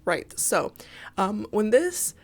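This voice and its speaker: A woman's voice: medium pitch, very animated, slow pace. Congested young woman chatting casually. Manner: chatty, rambling with many ums and likes. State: sick, congested, stuffy nose. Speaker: Sims builder vlogger. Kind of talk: casual voice-over chat.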